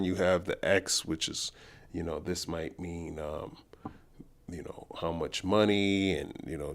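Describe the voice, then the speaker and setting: A man hosting a livestream who mixes Bible teaching with reactions to news clips. He talks in a preachy way, repeats himself and turns loud and indignant. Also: deep voice. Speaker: livestream host.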